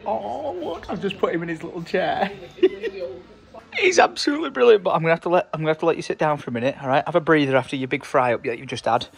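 A man gushes his way through a casual home vlog. His voice swings widely in pitch and he laughs often, bubbling with excitement. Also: fast talker, vocal fry. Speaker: vlogger.

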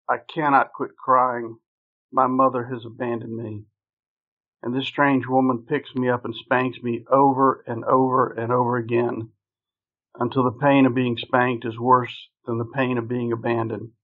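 A man's voice: medium pitch, flat delivery, moderate pace. A man, a podcast guest, telling his life story earnestly and vividly. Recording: phone-like narrow sound.

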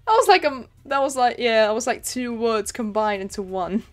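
A woman chatting casually while playing an online game, giggly and excitable, breaking into playful shouts. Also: on the high side, moderate pace. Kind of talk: casual gaming chat.

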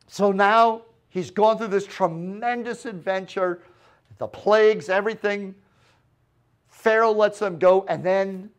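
A man preaching a sermon in a high voice, taking his time over each phrase. He acts out the quoted lines with dramatic shifts, pausing to let points land. His delivery is animated and unhurried. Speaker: pastor.

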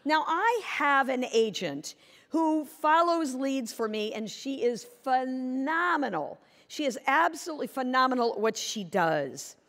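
A woman's voice: sits high, lively intonation, unhurried, fairly bright tone. Woman keynote speaker in an echoey hall. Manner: storytelling, acting out dialogue with shifting voices. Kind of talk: motivational conference keynote. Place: conference hall stage.

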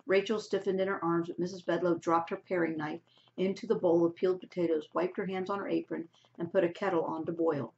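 A woman teacher reading a novel aloud to her class in a steady narrating voice, on a dull lo-fi recording. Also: fairly low pitch, brisk, creaky.

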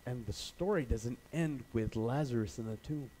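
A man from Canada preaching a sermon as pastor, telling stories with animated energy and acting out the voices of people he quotes. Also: mid-range voice, normal speed, slight background noise, rough recording.

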